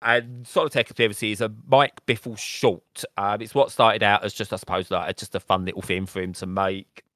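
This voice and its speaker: A man's voice: lowish voice, steady tone, fairly quick, sharp tone, no room sound. A man co-hosting a gaming podcast in casual chat, with a joking, sarcastic manner. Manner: sarcastic, jokey. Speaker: podcast co-host.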